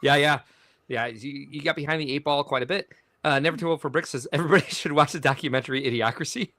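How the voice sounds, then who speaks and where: A man's voice: fairly high pitch, quick pace, bright, forceful tone, no echo, studio quality. A middle-aged man co-hosting a livestream podcast in casual chat. He reads viewer comments aloud and jokes around them. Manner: jokey, laughing, reads comments aloud with asides.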